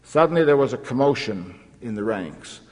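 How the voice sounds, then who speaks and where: A man giving a formal sermon, telling a story in a measured, solemn way with scriptural phrasing. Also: mid-range voice, lively intonation, in a large hall. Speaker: preacher.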